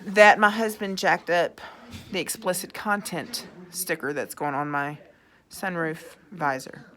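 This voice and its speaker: A woman's voice: on the low side, steady tone, measured pace, bright, forceful tone. A woman, ranting angrily in a vlog, swearing and sarcastic as she reads out her own texts. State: angry. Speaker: vlogger. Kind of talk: angry rant reading out texts.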